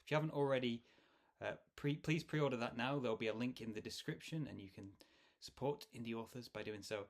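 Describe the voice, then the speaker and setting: A man's voice: mid-range voice, a little fast. A man hosting a podcast, introducing the episode casually with small stumbles. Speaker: podcast host.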